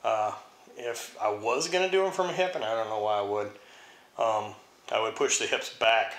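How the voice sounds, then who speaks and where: A young man answering viewer questions about Highland Games throwing and training in a blunt, offhand way with casual swearing. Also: normal speed, fairly bright tone, echoey room. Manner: blunt, profane, offhand, reads questions aloud then answers. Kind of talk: casual Q&A vlog.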